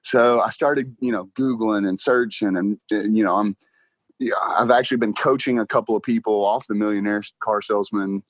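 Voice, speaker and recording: Speaking at a moderate pace in a low-leaning voice, with no echo, a young man tells stories on a podcast. He sells cars for a living and, in this casual interview, plays out the dialogue animatedly and often breaks into laughter.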